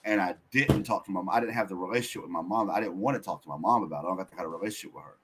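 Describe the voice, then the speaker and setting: A man guest on a podcast, telling a personal story in a blunt, profane, animated way. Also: sits low, racing, background noise. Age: adult.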